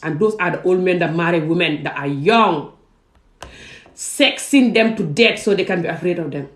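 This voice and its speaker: A woman from Gambia and Senegal gives an emphatic personal vlog monologue, repeating words to stress her points. Her voice sits on the low side at a normal speed, and the recording has a roomy echo.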